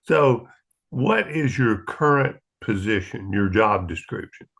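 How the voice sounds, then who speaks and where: Slow, gravelly-voiced man interviewer. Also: lowish voice, lively intonation, fairly bright tone. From Southern United States. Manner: slow, measured questions with small stumbles. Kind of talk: interview questions.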